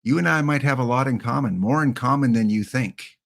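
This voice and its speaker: A man's voice: medium pitch, fairly quick, vocal fry. Rambling jokey Canadian man streaming. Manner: rambling, jokey, talks to chat. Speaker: game streamer. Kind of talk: casual live-stream chat.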